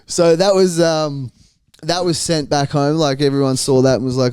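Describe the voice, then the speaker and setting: A man's voice: medium pitch, moderate pace, darkish tone, clear, resonant tone, dry recording, studio quality. A young man co-hosting a podcast, telling a story in casual, crude, profane banter and often laughing. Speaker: podcast co-host.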